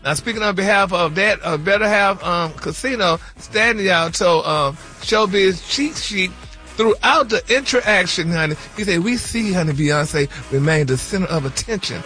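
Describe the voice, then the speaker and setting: A man's voice: sits high, lively intonation, moderate pace, pushed and bright, soft background music. A man hosting a playful gossip segment, calling everyone honey and baby. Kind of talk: playful radio show banter.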